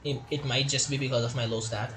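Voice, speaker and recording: A man's voice: medium pitch, fairly even intonation, fast, fairly bright tone. A man giving casual, chatty gameplay commentary while playing through a game tutorial and reading its tips aloud.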